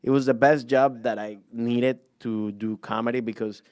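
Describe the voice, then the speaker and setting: A man's voice: mid-range voice, fairly even intonation, normal speed, a little mellow, no echo, clean studio sound. A young man from Venezuela, a comedian, chatting casually on a podcast and rambling with many restarts. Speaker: guest comedian.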